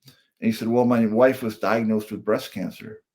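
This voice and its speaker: A man's voice: lowish voice, steady tone, normal speed, darkish tone. A middle-aged man, a comedian and speaker, telling an earnest personal story as a guest on a podcast.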